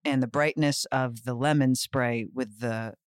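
A man's voice: mid-range voice, fairly even intonation, a little slow, smooth, no echo. Playful man chatting on a dry mic. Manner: playful, rambling, teasing. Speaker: podcast co-host. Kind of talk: casual chat.

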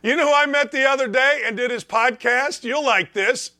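A middle-aged man hosting a sports talk show, energetic and quick to laugh. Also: very high voice.

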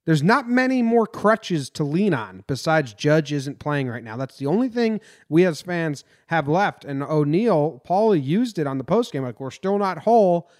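A man's voice: a little high, big pitch swings, normal speed, few pauses, darkish tone. A man from New Jersey hosting a casual sports podcast, rambling and venting his frustration. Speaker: podcast host.

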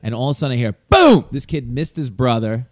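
A man hosting a casual talk show, briskly leading the talk and handing turns to his co-hosts. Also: medium pitch, darkish tone, no echo, clean studio sound. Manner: brisk, leads the talk and hands the turns to others. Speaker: host. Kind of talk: casual chat.

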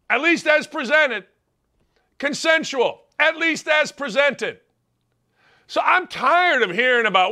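A man's voice: very high-pitched, big pitch swings, takes it slowly, pushed and bright. A middle-aged man hosting a sports talk show, ranting in an opinionated monologue full of rhetorical questions. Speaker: sports radio host.

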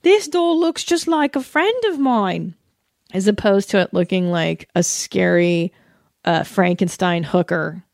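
A woman in her thirties from the United States, hosting a solo podcast in a casual, animated rant full of swearing and laughter. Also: mid-range voice, no room sound, studio quality. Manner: animated, profane, laughing often. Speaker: podcast host.

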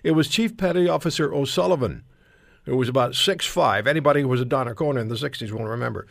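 A man's voice: mid-range voice, quick pace, vocal fry, fairly bright tone, dry recording. An older man from Canada hosting a casual panel talk show, telling rambling, self-deprecating stories.

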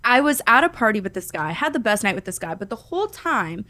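A young woman in her twenties tells a personal story in a casual podcast chat. She talks in an animated way, restarting her sentences and filling them with "like," with some swearing. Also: medium pitch, fast talker.

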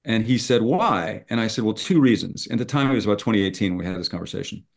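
Lively storytelling middle-aged man. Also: fairly low pitch, fast talker, vocal fry. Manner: animated, acts out both sides of phone calls. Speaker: screenwriter guest. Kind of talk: storytelling in conversation.

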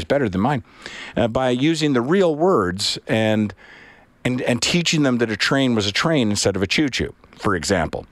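A middle-aged man hosting an afternoon radio talk show, chatting in a relaxed, rambling way with many pauses. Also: medium pitch, dry recording. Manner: relaxed, rambling, frequent uhs. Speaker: radio host.

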